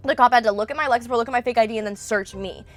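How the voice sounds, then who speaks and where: A young woman co-hosting a podcast, telling a story in animated, gossipy casual chat and swearing freely. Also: on the high side, rapid-fire, soft background music. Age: young adult. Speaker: podcast co-host.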